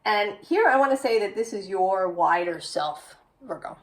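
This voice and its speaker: A woman's voice: medium pitch, animated, moderate pace, far from the mic, low-quality recording. A woman giving a tarot reading, musing aloud with frequent "right?" tags. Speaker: tarot reader.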